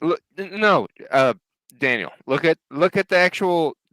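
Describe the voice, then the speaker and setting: A man on a casual group stream, loud, profane and quick to tease the others. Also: on the high side, lively intonation, no room sound, low-quality recording. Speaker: regular of a news hangout stream. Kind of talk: casual chat.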